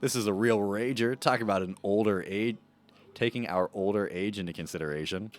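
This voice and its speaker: A man's voice: on the low side, a little fast, slight background noise, natural voice. A man voicing a laid-back male bro dad in a video game with a surfer-bro drawl. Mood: chill.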